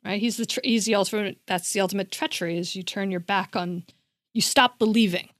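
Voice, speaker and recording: A woman co-hosting a podcast, talking in a casual, emphatic way and circling back on her points with plenty of "like." Her voice sits at a middle pitch. The sound is dry and close, with no room echo. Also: fairly even intonation, a little fast. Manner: emphatic, repeats herself, frequent "like". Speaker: podcast co-host.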